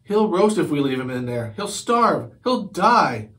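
A man's voice: medium pitch, animated, fairly quick, a little mellow, close to an everyday voice. A man voicing a tearful, anxious little girl who owns a kitten, in a children's book read-aloud. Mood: worried. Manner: pleading, earnest, childlike.

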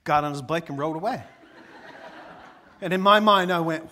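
Middle-aged man, pastor, somewhat high voice, loose animated storyteller from the pulpit. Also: moderate pace, in a large hall. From Newfoundland, Canada. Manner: conversational and animated, with frequent fillers and restarts. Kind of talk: storytelling sermon.

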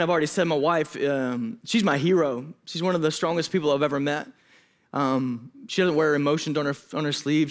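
A man in his thirties, a student pastor preaching a sermon, telling a personal story with emotion and quick asides. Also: medium pitch. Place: church hall.

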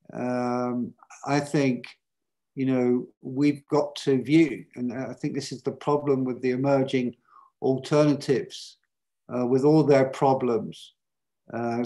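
A man's voice: medium pitch, warm tone. A man, a film director on a panel, answering a question thoughtfully with many hesitations and restarts.

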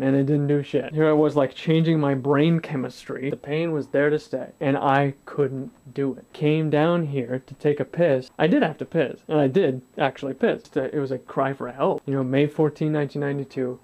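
Speaking at a normal clip with few pauses, this twentysomething vlogger has a slightly high, warm voice and fairly even intonation. He recounts something that happened to him straight to camera, cursing liberally and performing other people's lines.

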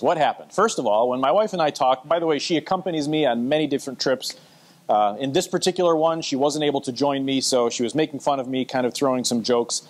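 A man presenting at a conference, telling a story with wry asides to the audience. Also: medium pitch.

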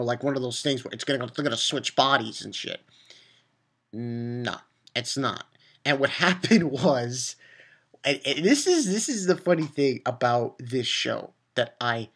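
A man giving a casual spoken episode review, rambling and swearing as he rants in exasperation. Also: mid-range voice. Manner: animated, profane, exasperated ranting; rambling with restarts and filler. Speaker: anime reviewer.

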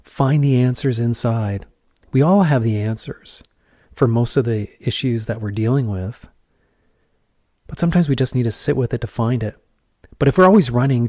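Middle-aged man, podcast host, earnest reflective monologue, mellow voice, dry close-mic sound. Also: medium pitch, no echo. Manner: earnest, repetitive phrasing, rhetorical questions.

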